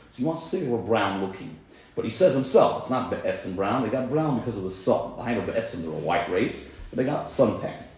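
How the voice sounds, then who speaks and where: A man's voice: on the low side, darkish tone, heavy reverb, rough recording. A man teaching a small group around a table, explaining at length with many religious terms. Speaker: class teacher. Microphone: phone recording on the table.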